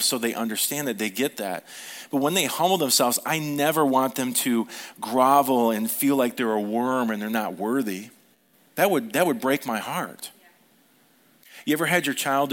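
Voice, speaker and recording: A man's voice: mid-range voice, a bit bright. A middle-aged male pastor delivering a Sunday sermon. His speech is conversational, and he often turns to the congregation with questions.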